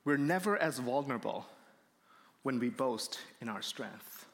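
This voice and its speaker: A man's voice: mid-range voice, animated, unhurried. A male pastor delivering a sermon, earnest and building up to emphatic points, recorded in a church. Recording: long reverb of a hall.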